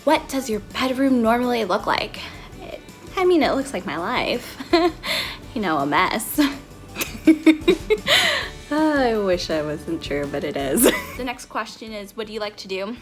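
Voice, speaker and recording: A woman's voice: fairly high pitch, big pitch swings, measured pace, pauses often. Young woman, vlogger, bubbly, giggly, rambling, casual chat to camera, faint background music. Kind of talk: casual get-to-know-me vlog. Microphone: camera mic, talking to camera.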